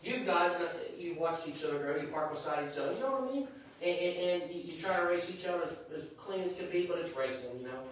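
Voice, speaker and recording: A man's voice: on the high side, lively intonation, fast, slight background noise. A man hosting a live show, chatting loosely with guests and filling gaps with asides. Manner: rambling, chatty, lots of "you know what I mean". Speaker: host. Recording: very echoey hall from far off.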